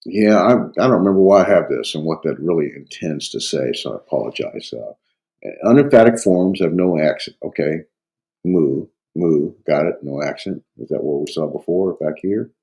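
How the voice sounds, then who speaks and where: Man, deep voice, warm and relaxed tone, has a cold, halting lecture, lots of fillers. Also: rough recording. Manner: halting, many "uh" fillers, thinks aloud. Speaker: Greek instructor. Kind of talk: lecture reviewing grammar.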